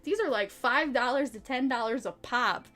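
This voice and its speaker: A woman's voice: on the high side, moderate pace, faint music behind. A young woman chatting casually on a live stream, bubbly and rambling, reading chat and giggling between thoughts. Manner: bubbly, rambling, giggly, swings loud and soft. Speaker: VTuber streamer.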